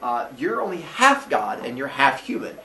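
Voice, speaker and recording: Teacher doing a tired dad god, hesitant and patient, lower and quieter, echoey room from afar. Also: male voice, very animated, normal speed, far from the mic, a little hiss or hum. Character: weary patient father god.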